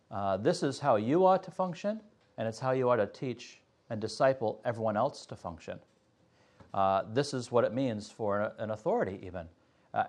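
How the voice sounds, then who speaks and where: A man teaches a Sunday school Bible class, explaining things step by step in an earnest manner and pausing often. His voice is lowish with a darkish tone.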